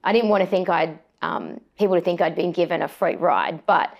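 A woman's voice: lowish voice, lively intonation, fairly quick, creaky. A woman, a sports presenter, chatting as an interview guest with lots of fillers and restarts. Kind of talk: casual interview chat.

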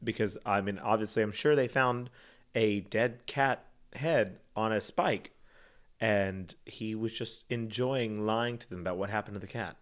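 A man hosting a casual podcast, joking around and recounting a true crime case with lots of fillers. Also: lowish voice. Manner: joking, drawn-out and laid-back, many fillers. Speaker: podcast host.

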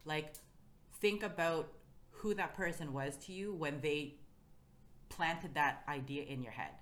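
A woman's voice: deep voice, a little slow, fairly bright tone. A woman talking earnestly as a podcast guest, giving motivational advice in a casual chat and often asking "you know what I mean".

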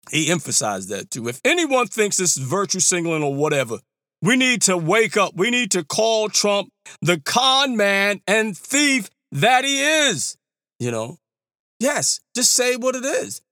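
A man's voice: high voice, big pitch swings, measured pace, pushed and bright, no room sound, studio quality. A man giving heated political commentary, emphatic and repeating himself, with casual slang.

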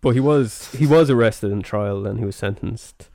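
A man's voice: fairly low pitch, normal speed, creaky, dark tone, no room sound, studio quality. A man hosting a podcast in casual chat, chatty with many fillers. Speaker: podcast host.

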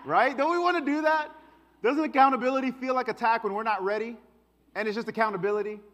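A man preaching a conversational sermon, swinging between hushed asides and emphatic lines. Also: very high-pitched, fairly quick. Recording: long hall reverb.

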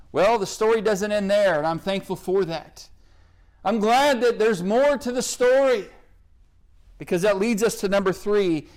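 High-pitched oklahoma preacher guy, earnest and pleading, sermon voice. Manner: earnest, pleading, reads scripture aloud. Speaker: pastor.

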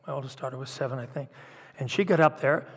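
A man's voice: medium pitch, fast, fairly bright tone, slightly rough. A middle-aged man preaching a sermon, telling personal stories in an earnest, confessional way. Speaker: pastor. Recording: long hall reverb.

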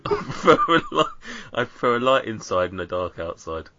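A man co-hosting a casual podcast, with dry teasing banter that trails off quietly. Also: lowish voice, very animated, normal speed, muffled recording, a little hiss or hum. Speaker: podcast co-host.

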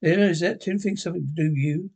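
A man's voice: high-pitched, rapid-fire, creaky, darkish tone, slightly rough, full character voice. A man reading the part of a blunt young female warrior. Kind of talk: reading a script aloud.

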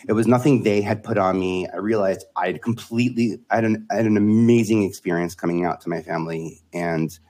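Cast: man, forties, slightly low husky voice, candid guest who laughs easily. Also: a little fast, hardly any pauses, darkish tone. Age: 40s. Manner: candid, laughs often, restarts phrases. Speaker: podcast guest. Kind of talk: casual conversation.

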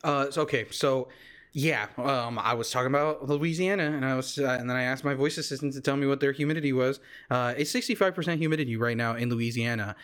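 A man's voice: medium pitch, quick pace, fairly bright tone, clear, resonant tone. Rambling young man from Texas. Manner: rambling, loose and jokey, with many fillers and restarts. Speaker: podcast host. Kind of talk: casual solo podcast chat. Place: warm home room with a fan running.

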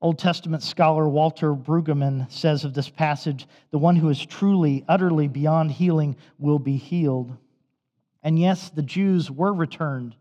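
A man's voice: fairly high pitch, dark tone. A male pastor preaching a sermon in a church, telling stories in a conversational way. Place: church sanctuary. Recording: dull recording with long hall reverb.

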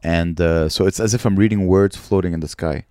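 Man, low-ish voice, comedy podcast co-host, crude teasing, dry close sound. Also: dark tone, smooth, no echo. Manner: teasing, crude jokes, quick comebacks. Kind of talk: casual comedy podcast chat.

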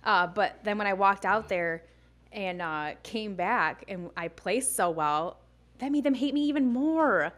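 A young woman chatting casually as a guest, telling animated stories full of "like" and acted-out quotes. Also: mid-range voice, measured pace. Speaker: guest, bikini fitness competitor. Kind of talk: casual storytelling chat.

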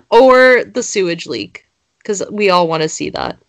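A woman's voice: mid-range voice, big pitch swings, slow pace, dry recording. A young woman, co-hosting a casual chat and reading social media posts aloud. She giggles and swears freely.

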